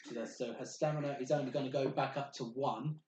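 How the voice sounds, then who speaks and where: A man narrating a tabletop game as game master, halting with many ums and restarts. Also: medium pitch, steady tone, a little mellow, muffled recording, a little hiss or hum. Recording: echoey room.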